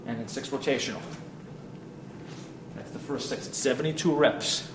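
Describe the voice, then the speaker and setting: A man demonstrating warm-up drills as a fitness coach, talking with energy and counting reps as he exercises, sometimes out of breath. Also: medium pitch, fairly even intonation, moderate pace. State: out of breath at times. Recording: roomy, distant mic with ambient noise.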